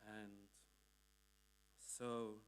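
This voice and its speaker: A man's voice: on the low side, flat delivery, very slow, smooth. A man giving a sermon, recounting a speech in a conversational way, full of restarts and tag questions. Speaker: preacher. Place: church hall.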